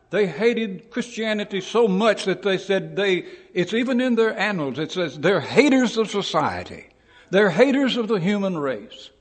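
A man's voice: sits high, in a large hall. Man preaching a dramatic sermon. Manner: dramatic storytelling, rising to shouted quotes.

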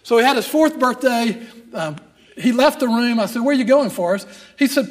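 An older man preaching with a strikingly high voice. He tells a long personal story with dry humor before turning to scripture, his emphasis building as he drives the point home. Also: lively intonation, moderate pace. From Texas. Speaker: pastor.

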